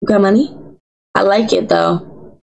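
A woman's voice: mid-range voice, steady tone, unhurried, creaky, darkish tone, poor audio. A woman streaming a life simulation game, chatting in a playful, teasing way and talking back to the characters in slang. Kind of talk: playful live gameplay commentary.

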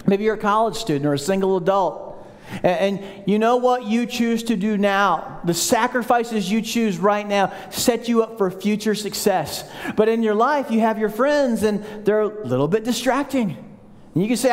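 Animated high-voiced pastor in a reverberant church. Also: male voice, moderate pace. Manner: animated, acts out voices of the people he quotes; leads the congregation in call-and-response. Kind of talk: sermon. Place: large church hall. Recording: long hall reverb.

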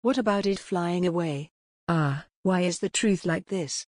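An excitable naive young man, read by a woman. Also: fairly low pitch, unhurried, no echo, studio quality. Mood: cheerful.

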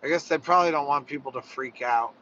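A man's voice: a little high, quick pace, pushed and bright, dull audio, a little hiss or hum. Chatty man rambling in a car. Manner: chatty, rambling, laughs often. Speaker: vlogger. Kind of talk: casual chat on a car ride.

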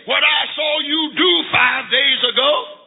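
A preacher shrilling as a bossy little sister. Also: male voice, steady tone, takes it slowly, creaky, faint music behind, exaggerated voice. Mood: demanding. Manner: shrill, demanding shouts. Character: stern bossy little girl, a blackmailing sister. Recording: tinny lo-fi recording in echoing hall.

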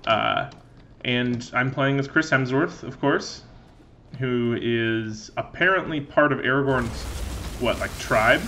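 A man's voice: mid-range voice, very animated, takes it slowly, pushed and bright, slight background noise. A young man giving rambling, sarcastic, profane commentary while playing a video game. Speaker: let's play gamer. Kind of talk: casual gameplay commentary.

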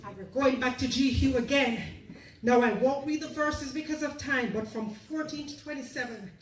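A woman's voice: high-pitched, normal speed. A woman preaching a sermon, telling a story and acting out its people in their own voices. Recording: echoey church hall, mic at a distance.

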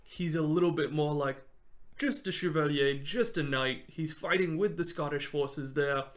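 A man hosting a podcast, telling a history story in an animated, casual way and laughing often. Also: a little high, moderate pace. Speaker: podcast host.

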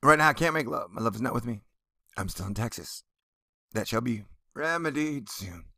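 A man's voice: mid-range voice, expressive, normal speed, bright, forceful tone, no room sound, studio quality. A man hosting a casual comedic news commentary vlog, reading article passages aloud and mocking them with sarcastic asides.

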